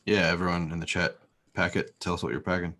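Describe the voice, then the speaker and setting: Fast-talking man with a deep voice. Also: level tone, noisy background. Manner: quick, enthusiastic. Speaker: livestream guest. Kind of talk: casual stoner chat.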